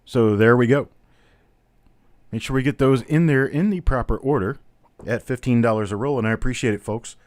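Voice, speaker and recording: A man at a middle pitch hosts a live-streamed coin auction, chatty and steady as he calls out bidder after bidder and each new price. His voice is recorded dry and close, with almost no room sound. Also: moderate pace, no echo. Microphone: webcam on a stand.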